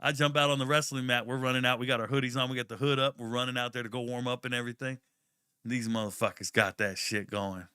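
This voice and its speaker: A young man hosting a live draft watch party, chatting casually and telling stories in a slangy, profane, animated way with sudden loud outbursts. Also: medium pitch, quick pace, smooth, no echo, clean studio sound. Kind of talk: casual live commentary and storytelling.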